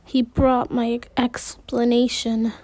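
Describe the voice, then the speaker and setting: A woman reading a novel aloud in the first person, unhurried, with occasional slips and restarts. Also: on the high side, little pitch movement, mellow, no echo. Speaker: amateur audiobook reader.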